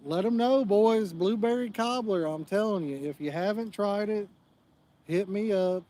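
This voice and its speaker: A fishing channel host livestreams outdoors, chatting and joking in a rambling, casual manner. His voice is high-pitched with a dark tone, and he speaks at normal speed.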